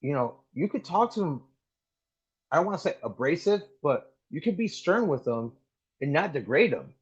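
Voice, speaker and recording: A man's voice: on the high side, moderate pace, breathy edge. A man in his thirties, an active-duty Marine guest, telling stories in a casual podcast interview, swearing often and leaning on "like" and "dude". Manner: animated storytelling, heavy swearing, lots of "like" and "dude". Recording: muffled, dull audio.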